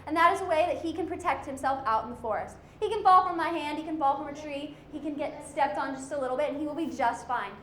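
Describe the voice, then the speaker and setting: A woman's voice: sits high, quick pace, few pauses, a bit bright, roomy sound, slight background noise. A woman presenting animals to a young audience as a zoo educator, playful and full of questions for the children.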